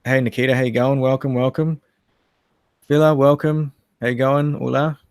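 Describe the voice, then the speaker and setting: An Australian man co-hosting a casual livestream, reeling off greetings to viewers by name and swearing in good fun. His voice sits at an everyday male pitch. It sounds dry and close, with no room echo. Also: level tone, moderate pace, smooth. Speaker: livestream co-host.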